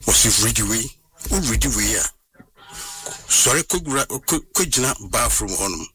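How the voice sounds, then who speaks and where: A man, recounting a personal story as an interview guest in an animated way and slipping into English phrases. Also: fairly low pitch, measured pace, breathy edge, no echo, far from the mic. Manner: animated, mixes in English phrases, acts out what others said.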